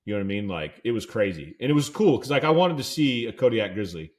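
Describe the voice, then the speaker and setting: A man with a somewhat low voice tells an outdoors story in a loose, casual podcast way. He fills his talk with "dude" and "like" and briefly acts out the quoted lines of his companions. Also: very animated, fast, darkish tone. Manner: laid-back storyteller who acts out quoted dialogue. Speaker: podcast co-host.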